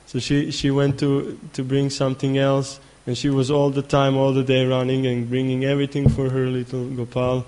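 A man giving a spiritual talk who tells a story in a halting way, repeating words and filling gaps with "uh". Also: medium pitch, completely flat delivery, a little mellow. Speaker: spiritual teacher. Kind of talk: sermon with storytelling.

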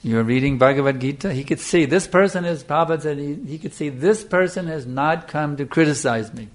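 An older man giving an earnest sermon, telling a devotional story with lively storytelling and frequent fillers. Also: on the high side, fairly quick. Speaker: spiritual teacher.

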